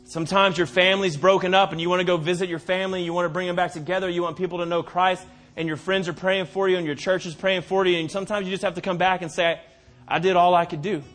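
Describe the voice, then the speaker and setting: A man preaching a sermon as pastor, swinging from booming declarations to hushed asides and slowing down hard to stress key phrases. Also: level tone, soft background music.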